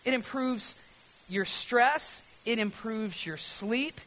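A man preaching a sermon as pastor, lively and conversational, swinging from loud emphatic lines to a hushed, almost whispered delivery. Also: very high voice, takes it slowly, poor audio.

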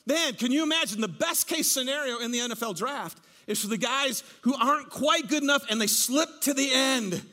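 A man preaching a sermon to a congregation, telling stories in an animated, joking way. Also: very high-pitched, normal speed, hardly any pauses. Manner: animated, jokey storytelling with laughs. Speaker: pastor.

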